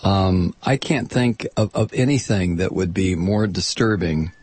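A man hosting a political talk radio show, reading news in a sarcastic, animated way that climbs into outraged shouting. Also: deep voice, a little slow, breathy edge, dry recording.

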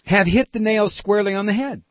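A man's voice: high voice, fairly quick, no echo, dull audio. A man hosting political talk radio, ranting with sarcasm and profanity.

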